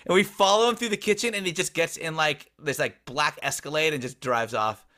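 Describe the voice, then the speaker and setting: A man's voice: a little high, brisk, sharp tone. A man co-hosting a casual sports podcast, blunt and profane, telling stories with animation. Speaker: podcast co-host.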